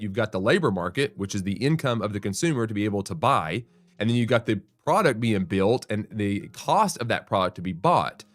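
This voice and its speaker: A man whose voice sits on the low side discusses market news on his real estate show, musing conversationally with restarts and regular "right?" asides. There's no echo.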